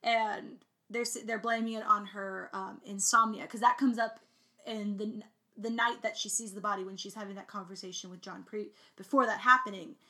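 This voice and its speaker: Young woman podcast co-host, bright voice, lively and giggly, does silly voices. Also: mid-range voice, normal speed. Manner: animated, laughs a lot, mimics lines in exaggerated voices. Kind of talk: casual movie recap chat.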